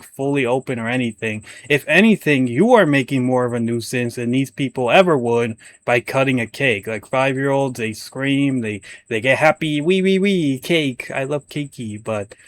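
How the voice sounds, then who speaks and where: A young man talks through a news story in a loose, rambling way. He stammers and restarts often. His voice sits at an ordinary middle pitch. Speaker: commentary channel host. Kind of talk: casual reaction commentary.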